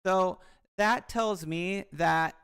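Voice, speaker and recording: A woman's voice: fairly low pitch, drawn-out words, smooth. A woman YouTuber talking through a dispute in a casual, rambling, frank commentary vlog.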